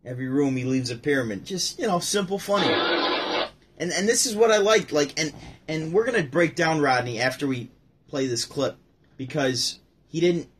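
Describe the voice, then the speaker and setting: A man casually commenting on comedy clips, laughing often and repeating the jokes excitedly. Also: a little high, moderate pace, a little hiss or hum. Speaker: host reacting to comedy.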